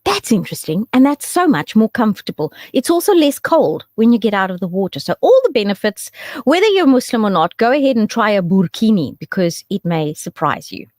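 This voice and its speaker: A woman hosting a radio show chats and jokes a little quickly, her pitch swooping lively up and down with laughs, covering casual chat and the weather. The audio is dry and close-miked with no room sound.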